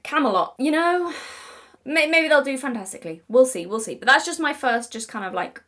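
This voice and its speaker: A woman's voice: sits high, very animated, brisk, fairly bright tone. A young British woman giving casual commentary to camera, chatty and digressive, often apologizing, and emphatic and exasperated at times. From Britain. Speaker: video essayist.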